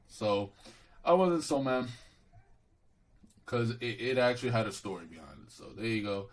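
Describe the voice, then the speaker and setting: A young man with a somewhat low voice talks through a recap on his own channel. He rambles, stumbles over restarts and swears freely. His tone stays dismissive and offhand throughout. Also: animated, normal speed, pauses often, low-quality recording. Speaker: wrestling show reviewer. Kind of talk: casual solo review rant.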